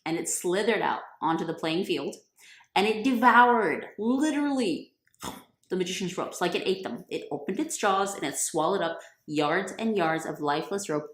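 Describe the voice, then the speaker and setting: A woman retelling a religious story in a playful, chatty, slangy way. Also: on the low side. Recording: roomy echo.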